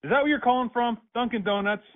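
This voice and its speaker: Over a tinny phone connection, a man with a very high-pitched voice rants furiously at a quick pace, cursing and insulting the prank caller who targeted him.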